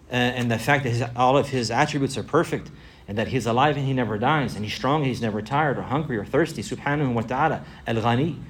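Male religious teacher, rapid delivery, repeats phrases for emphasis, quick Arabic recitation. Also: mid-range voice. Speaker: Islamic teacher. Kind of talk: religious lesson.

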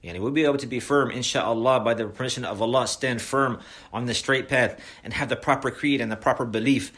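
A man's voice: mid-range voice, fairly quick. A man giving a religious lesson, acting out questions and answers and mixing Arabic phrases into his English. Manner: animated, rhetorical questions, acts out dialogues. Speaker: Islamic preacher.

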